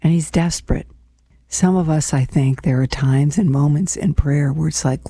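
Woman, faith program host, devotional reflection, earnest, personal, mellow voice, dry close sound. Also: low voice, moderate pace, husky, no echo. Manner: earnest and personal, speaks to listeners as friends; laughs lightly, sometimes drops to a whisper.

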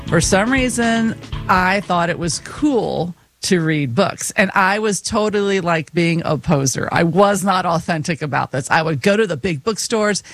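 A woman co-hosting a podcast, telling stories about herself in a lively way with fillers. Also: lowish voice, a little slow, soft background music. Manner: lively storytelling with laughs and fillers. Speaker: podcast co-host. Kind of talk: casual chat.

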